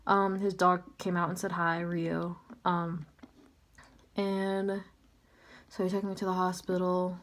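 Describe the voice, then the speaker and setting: A woman's voice: lowish voice, flat delivery, takes it slowly, long pauses, a bit bright. Chatty woman telling a story. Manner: chatty, filler-heavy, lots of "like" and "um". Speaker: vlogger. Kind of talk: casual storytelling.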